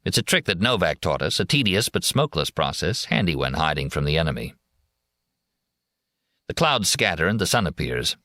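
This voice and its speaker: A man narrating a war memoir audiobook in a steady, measured first-person reading. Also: a bass voice, no echo, studio quality.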